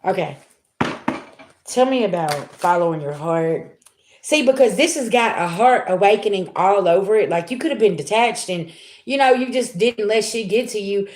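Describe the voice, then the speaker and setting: A woman's voice: medium pitch, lively intonation, normal speed, darkish tone. Chatty woman tarot reader, roomy echo. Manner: chatty, talks straight to viewers, frequent "okay?" and "y'all". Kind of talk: casual tarot reading to viewers.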